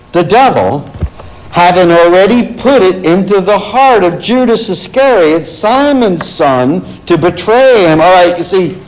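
A middle-aged male pastor preaching with a lively, swinging pitch that climbs high when he stresses a verse. His voice sits a little above the usual for a man, and he reads scripture aloud with emphasis. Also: poor audio. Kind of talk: sermon.

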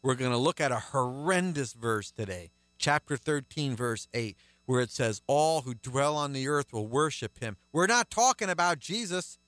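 A man preaching a radio sermon as host, emphatic and swinging between loud declarations and hushed asides. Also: medium pitch, normal speed, hardly any pauses.

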